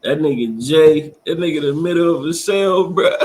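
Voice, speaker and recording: A man co-hosting a podcast, chatting casually about a movie as an animated, slangy storyteller who laughs often. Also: a little high, normal speed, slight background noise. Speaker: podcast co-host. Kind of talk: casual movie recap chat.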